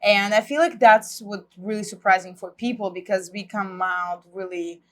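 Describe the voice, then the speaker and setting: Russian-accented woman, interview guest, animated storyteller who laughs a lot, mid-pitched voice. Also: normal speed. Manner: lively storyteller, laughs often. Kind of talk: casual interview chat.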